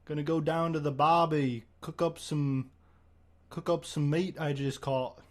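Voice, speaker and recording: A man putting on a slow, drawling, mocking voice of a boastful Australian woman who hunts kangaroos on a livestream. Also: fairly high pitch, fairly even intonation, lightly acted.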